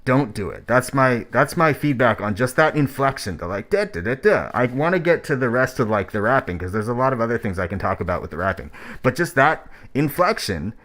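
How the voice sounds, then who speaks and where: A man's voice: mid-range voice, animated, a little fast, few pauses, a bit bright. Guy streamer tearing into rap verses, blunt, swears a lot, keeps restarting. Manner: blunt and profane, rambling with restarts. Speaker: streamer reviewing rap tracks. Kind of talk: unscripted blunt critique on stream.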